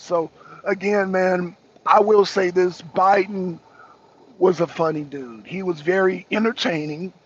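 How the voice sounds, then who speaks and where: A man's voice: high-pitched, slightly rough. A man hosting a talk show, riffing casually to his viewers, rambling and repeating himself, laughing often and using slang. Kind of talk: casual political commentary to viewers. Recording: dull lo-fi recording.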